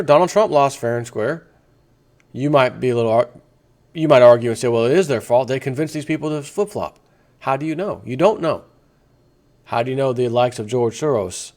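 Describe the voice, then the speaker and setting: A man's voice: mid-range voice, a little mellow. A man delivering a combative political rant as a vlogger, firing off rhetorical questions and rambling through crude asides. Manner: mocking, slips into sarcastic quoted voices. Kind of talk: ranting opinion monologue.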